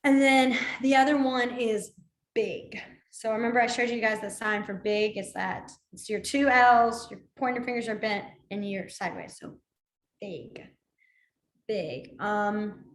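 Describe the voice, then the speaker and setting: A woman's voice: medium pitch, slight background noise. A woman teaching a beginner sign language class, explaining signs in a chatty, rambling way with many fillers and side stories. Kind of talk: casual spoken class instruction. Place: library classroom. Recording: echoey room.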